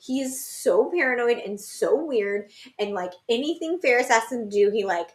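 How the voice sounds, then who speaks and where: A woman's voice: fairly high pitch, lively intonation, normal speed. A young woman co-hosting a podcast, chatting casually and retelling movie scenes with laughter. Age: young adult. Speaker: podcast co-host. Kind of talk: casual chat.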